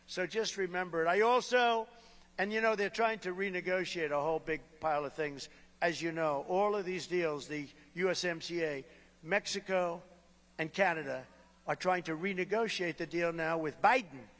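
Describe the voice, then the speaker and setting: A man's voice: high-pitched, moderate pace, a bit bright. A man giving a campaign rally speech off-script, rambling and boastful, with sarcastic asides and repeated phrases. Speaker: political speaker at a rally. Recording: long reverb of a large venue.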